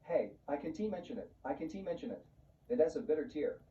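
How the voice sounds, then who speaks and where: A flat male voice reading a bitter, self-pitying mother-in-law. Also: on the high side, quick pace, reverberant, natural voice. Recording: muffled, distant, faint hiss.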